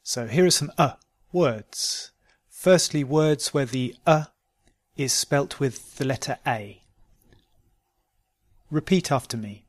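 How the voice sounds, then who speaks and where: A man teaching pronunciation, reading word lists slowly and clearly for learners to repeat. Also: mid-range voice, no room sound. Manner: slow, deliberate, isolated words for repetition. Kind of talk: slow word-list drill.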